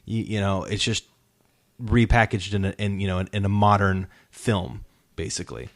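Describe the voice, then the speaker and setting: A man's voice: fairly low pitch, moderate pace, gravelly, dry recording, clean studio sound. A man hosting a casual podcast chat, talking in an earnest, rambling way as he retells scenes. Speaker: podcast host.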